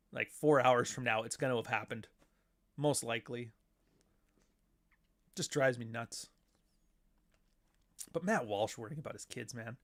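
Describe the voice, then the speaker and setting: Profane, sarcastic man ranting. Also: medium pitch. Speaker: podcast host. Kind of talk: casual livestream rant.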